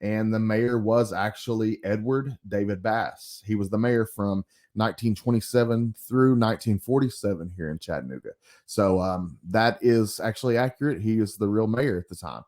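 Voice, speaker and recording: A man giving casual commentary on an old comic book, rambling with frequent pauses and asides. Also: lowish voice, darkish tone.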